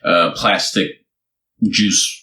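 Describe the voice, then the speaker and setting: A man's voice: low voice, very slow, bright, forceful tone, roomy sound. A man co-hosting a podcast in loose, rambling casual chat, full of fillers and restarts. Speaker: podcast co-host.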